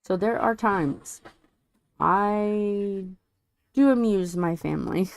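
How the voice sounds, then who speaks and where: Battling a stuffy head cold, a woman who hosts a diamond painting channel chats casually with viewers as she works on her craft. Her voice is mid-range, slow and gravelly with no echo, and she rambles, stumbling over some words.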